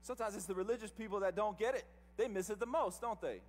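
A pastor with a high but darkish-toned voice delivers a sermon at a church service, speaking fast with few pauses. He's emphatic, throwing rhetorical questions at the congregation, and the church is reverberant.

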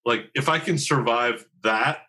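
Man in his 50s, bright forceful voice, self-deprecating, rambling with restarts, podcast guest. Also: medium pitch, unhurried, low-quality recording. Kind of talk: candid conversational interview.

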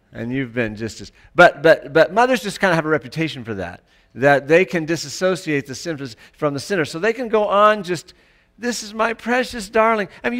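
A man with a high, bright voice preaching a sermon. His delivery is conversational and searching, and he keeps turning to the congregation with rhetorical questions. He often stumbles and restarts mid-sentence. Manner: frequent stammered restarts. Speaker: pastor.

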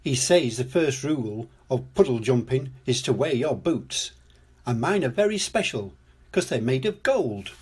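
A man's voice: mid-range voice, lively intonation, unhurried, husky. A man voicing a bossy little girl piglet in a storybook read-aloud, with a boastful, whiny childlike manner.

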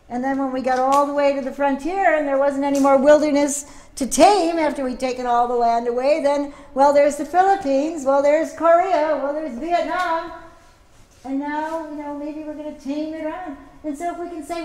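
A middle-aged woman giving a teach-in as an activist, telling lively anecdotes and acting out the voices of people she quotes. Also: sits high, moderate pace. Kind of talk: public talk with storytelling. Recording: echoey room, faint background noise.

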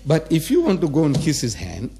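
A man's voice: fairly high pitch, wildly swooping pitch, fairly quick, gravelly, mellow, a little hiss or hum. A man in his seventies giving a religious lecture to a live audience, emphatic, repeating phrases and firing rhetorical questions at the listeners. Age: 70s.

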